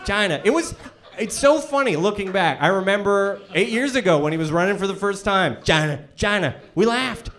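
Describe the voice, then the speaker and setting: High-voiced high-energy stand-up comic. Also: male voice, animated, brisk. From Canada. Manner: high-energy, incredulous, shouty bursts. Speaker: stand-up comedian. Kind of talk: stand-up comedy. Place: live comedy venue. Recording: live stage with loud audience laughter. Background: audience laughter.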